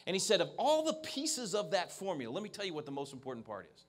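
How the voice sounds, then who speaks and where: His voice sits high and swoops wildly in pitch as he talks fast. The man is giving a keynote at an event venue to an evening audience, handheld microphone in hand, stressing words and frequently starting over.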